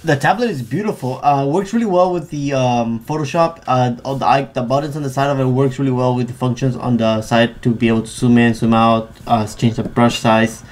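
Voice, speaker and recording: A man co-hosting a podcast in casual chat, excitable and tripping over his words. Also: medium pitch, brisk, hardly any pauses. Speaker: podcast co-host.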